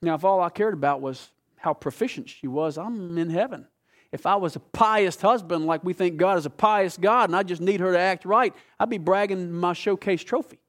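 A pastor preaches a sermon in a high voice, alternating between loud, emphatic bursts and slow, hushed, intimate readings of scripture.

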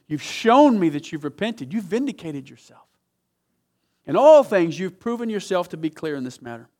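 Male pastor, dynamic sermon delivery, somewhat high-pitched, church setting. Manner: dynamic preaching, swings from quiet to loud emphatic reading.

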